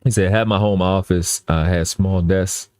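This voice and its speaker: A man's voice: low voice, fairly even intonation, normal speed, a little mellow, clear, resonant tone, no echo. A man talking earnestly in casual live-stream chat, often restarting and repeating his phrases.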